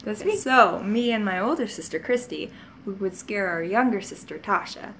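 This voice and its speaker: A woman vlogger tells stories from her childhood in a loose, rambling way. She laughs often and wanders into asides, speaking at a medium pitch with a faint hiss of noise behind her. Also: normal speed, fairly bright tone. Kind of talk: casual storytelling to camera.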